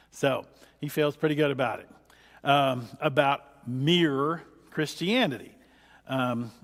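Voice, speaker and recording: Male pastor, loose chatty teaching, fairly high voice, reverberant church hall. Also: a bit bright. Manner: rambling and chatty, with many fillers and restarts. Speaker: pastor teaching a book study. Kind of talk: conversational church lesson.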